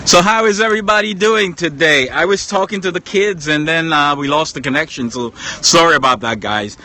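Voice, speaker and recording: A man's voice: on the high side, brisk, bright, forceful tone. An American man casually chatting on a phone live stream from outdoor ruins, greeting viewers and laughing often. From United States. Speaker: journalist livestreaming. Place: outdoors at palace ruins with people around. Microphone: phone on a tripod.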